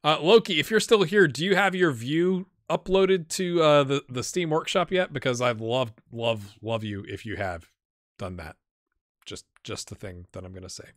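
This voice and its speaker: A man's voice: mid-range voice, moderate pace, dry recording, clean studio sound. A man giving casual, chatty commentary while streaming a management game, talking to himself as he plays.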